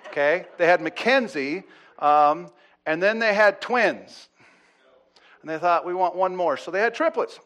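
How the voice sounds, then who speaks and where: A man preaching as a pastor, telling a story with lively acted-out quotes and swings between loud and hushed delivery. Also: high voice, unhurried. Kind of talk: sermon storytelling.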